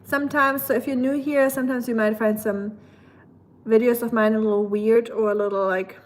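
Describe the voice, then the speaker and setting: A woman's voice: on the high side, fairly even intonation, fairly quick. A woman from Germany with a German accent, chatting casually and rambling with lots of fillers on a livestream. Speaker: live streamer.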